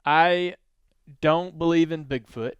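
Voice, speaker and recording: A man hosting a podcast, telling stories in a relaxed, rambling way. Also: on the high side, slow, clean tone, dry recording, highs cut off. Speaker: podcast host. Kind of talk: casual podcast storytelling.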